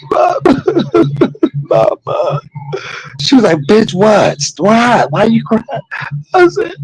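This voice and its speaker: A man streaming a casual storytelling monologue, animated and laughing, shifting between jokes and heartfelt moments. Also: rumbling low, creaky, husky, low-quality recording.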